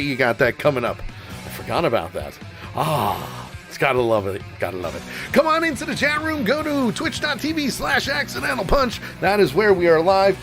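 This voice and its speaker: Man hosting in goofy put-on voices. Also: high voice. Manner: hams it up with silly put-on voices. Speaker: podcast host. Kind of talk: live-streamed comedy chat.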